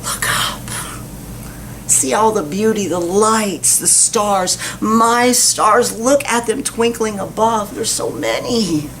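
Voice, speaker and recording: God, a kind reassuring deity, as a preacher puts him on. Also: female voice, high voice, lively intonation, brisk, few pauses, slight background noise, pitched above the performer's own voice. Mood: gentle. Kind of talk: sermon.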